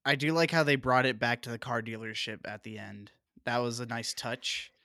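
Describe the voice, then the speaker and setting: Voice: mid-range voice, steady tone, moderate pace, pushed and bright, no room sound, clean studio sound. A podcast co-host chatting casually, making wry jokes and laughing along. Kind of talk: casual chat.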